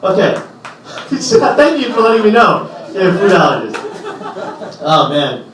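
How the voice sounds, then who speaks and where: A man works through a stand-up set, chatty and loose and now and then jumping into a character's voice. His voice sits a little high. It comes from a mic set back from him, through heavy room echo, with a faint club murmur behind. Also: big pitch swings, a crowd in the background. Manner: conversational, acts out characters in quick bursts. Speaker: stand-up comedian. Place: small comedy club stage. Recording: roomy echo from a distant mic.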